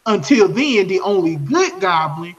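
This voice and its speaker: A man's voice: high voice, big pitch swings, measured pace, husky, lo-fi sound. Emphatic, profane podcast co-host man. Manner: emphatic, profane, repeats his points. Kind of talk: casual podcast chat.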